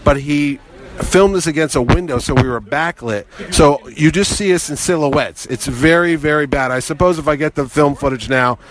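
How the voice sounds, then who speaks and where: A middle-aged man telling a long anecdote in a casual way, animated and acting out other people's lines. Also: fairly high pitch, moderate pace. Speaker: guest telling stories.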